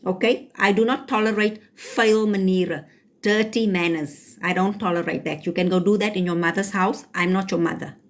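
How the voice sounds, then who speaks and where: South African woman host, brisk and scolding, live-chat streamer. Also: mid-range voice, a little hiss or hum. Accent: South African (Cape Town). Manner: firm, scolding, mixes Afrikaans phrases. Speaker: livestream host.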